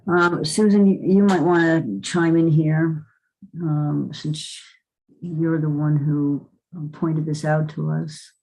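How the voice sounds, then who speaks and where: A woman's voice: low voice, steady tone, slow, creaky, warm tone, rough recording. A woman chairing a planning board meeting in a chatty way, with frequent chuckles and fillers. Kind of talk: meeting chat.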